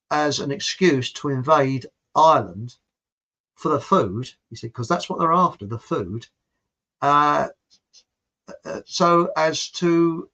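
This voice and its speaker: A man's voice: fairly high pitch, a bit bright. A man telling a long story in a casual, meandering way, with frequent restarts. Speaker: channel host telling a story. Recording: dull lo-fi home recording.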